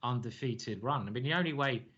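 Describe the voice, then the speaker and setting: An English man talks through chess games in a loose, joking stream-commentary way. He laughs often and is chatty. His mid-pitched voice comes through a dull, lo-fi stream recording. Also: brisk, fairly bright tone. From England.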